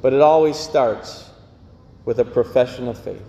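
A man's voice: medium pitch, normal speed, creaky, dark tone, dull audio. A man preaching a sermon as pastor, earnest and given to repeating phrases. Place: church. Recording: echoey church hall.

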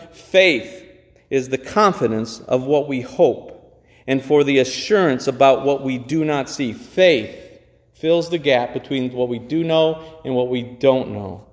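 Slow, emphatic preaching man in echoing church. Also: fairly high pitch. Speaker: pastor. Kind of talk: sermon.

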